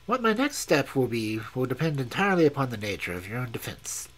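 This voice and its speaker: A man reading aloud and voicing a cold, commanding male detective in a measured, stern, precise way with a husky tone. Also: medium pitch, sing-song, rough recording. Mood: calm.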